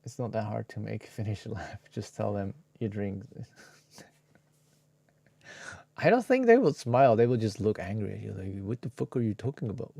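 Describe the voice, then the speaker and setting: A man live-streams himself editing a video and talks to his viewers in a loose, laid-back way, swearing now and then. His voice is low and gravelly, and he speaks slowly. The sound is close and dry, with no room echo. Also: lively intonation, mellow. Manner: talks to viewers while working, muttering and sometimes whispering to himself. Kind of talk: casual live-stream chat.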